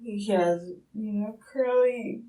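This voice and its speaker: A young woman in her twenties, sedated and slurring, answering questions in a police interview room, halting and trailing off. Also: mid-range voice, mellow, a little hiss or hum. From Florida, USA. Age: 20s. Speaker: suspect being questioned. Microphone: room recording device. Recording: distant room recording.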